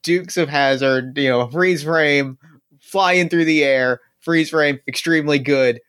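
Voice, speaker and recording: A man playing in a tabletop role-playing game, describing his moves in a relaxed, riffing way. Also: on the high side, unhurried, clear, resonant tone. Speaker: player. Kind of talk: casual tabletop play.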